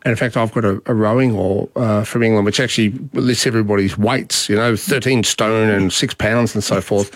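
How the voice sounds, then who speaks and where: A man's voice: fairly low pitch, steady tone, brisk, hardly any pauses, dry recording. A man hosting a talkback radio show, chatting casually and often restarting his sentences. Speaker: radio talk show host.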